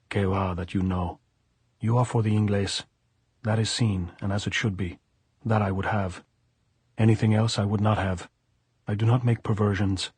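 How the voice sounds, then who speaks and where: A man voicing a big, gruff, weary middle-aged guerrilla woman who talks bluntly in old-fashioned thee-and-thou speech. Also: on the low side, a little mellow, no echo.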